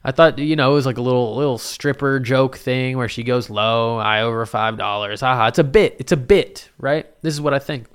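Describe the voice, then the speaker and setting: A young man telling a story to friends, loose and profane, with a medium-pitched voice. He gets animated and slips into voices for the people he quotes. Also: a little fast, hardly any pauses, clean tone. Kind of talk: casual storytelling.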